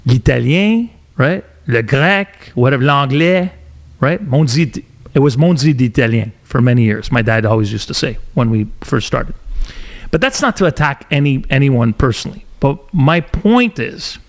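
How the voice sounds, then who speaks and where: A middle-aged man from Montreal hosts a casual podcast chat, recounting a story with lively emphasis. His pitch sits in an everyday middle register. He leans into his points and speeds up when he gets going. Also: moderate pace. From Montreal, Canada. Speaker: podcast host.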